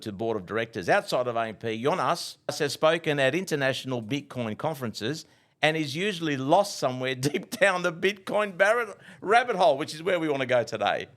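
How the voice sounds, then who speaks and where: An upbeat man with an Australian accent, hosting a casual interview podcast and asking lively questions. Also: mid-range voice. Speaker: podcast host.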